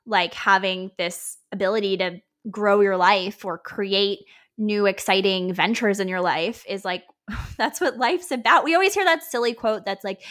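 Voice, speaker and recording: Bright, chatty woman podcast co-host. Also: mid-range voice, normal speed. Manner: chatty, many filler likes, laughs often. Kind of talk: casual podcast chat.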